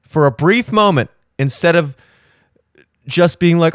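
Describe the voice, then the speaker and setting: A young man hosting a solo podcast, telling a rambling, animated story with voiced asides. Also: on the high side, a little slow, dry recording, clean studio sound. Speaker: podcast host. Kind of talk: solo casual chat. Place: home studio.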